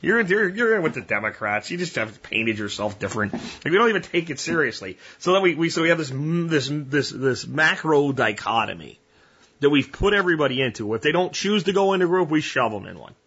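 A man's voice: fairly high pitch, sing-song, brisk, a bit bright, breathy edge, lo-fi sound. A man hosting a podcast, delivering a blunt, profane and combative ranting monologue. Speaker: podcast host.

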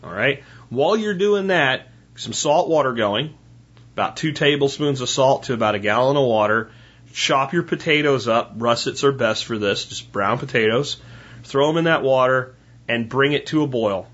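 A man's voice: mid-range voice, animated, normal speed, fairly bright tone, highs cut off. A man talking casually about home cooking, folksy and rambling, speaking straight to his listeners.

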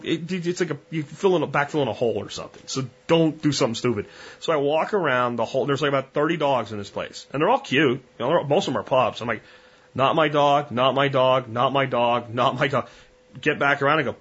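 A man's voice: medium pitch, fairly bright tone, breathy edge, highs cut off. A man hosting a podcast, talking bluntly and conversationally with frequent restarts. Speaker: podcast host. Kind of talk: casual monologue.

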